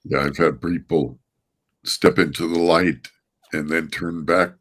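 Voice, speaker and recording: Very deep husky-voiced man. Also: fairly even intonation, a little slow, a bit bright. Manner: brief affirming responses. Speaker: psychic-medium guest. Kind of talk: casual livestream chat.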